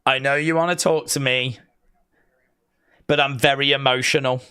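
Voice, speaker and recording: A man's voice: mid-range voice, fairly even intonation, moderate pace, pushed and bright, clean tone. An English man with an English accent, hosting a wrestling watch-along live stream and chatting casually in a rambling, joking way. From England.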